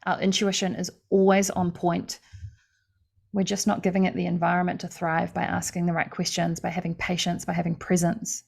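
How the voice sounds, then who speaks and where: A woman life coach leading a live online session, earnest and conversational, acting out inner thoughts with fillers and soft laughs. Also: fairly low pitch, monotone, normal speed, gravelly.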